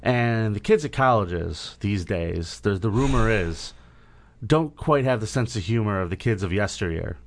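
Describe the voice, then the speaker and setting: A man's voice: fairly low pitch, lively intonation, normal speed. A man hosting a casual chat, easygoing, prompting his guest with questions. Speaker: podcast host.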